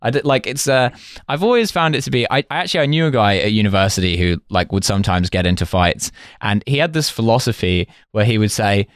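A man's voice: fairly low pitch, dry recording, clean studio sound. A man co-hosting a podcast, chatting wryly and cracking jokes. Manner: wry, joking, quick to laugh. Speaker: podcast co-host. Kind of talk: casual chat.

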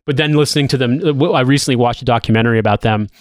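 A man's voice: medium pitch, racing, dry recording, clean studio sound. Casual swearing male podcast co-host. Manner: rambling, swears freely. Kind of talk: casual chat.

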